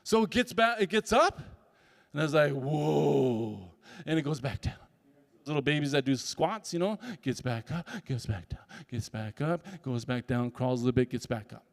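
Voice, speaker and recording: A man's voice: mid-range voice, animated, moderate pace. A man giving a motivational talk as a summit speaker. He tells stories and acts out voices and sounds. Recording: reverberant hall.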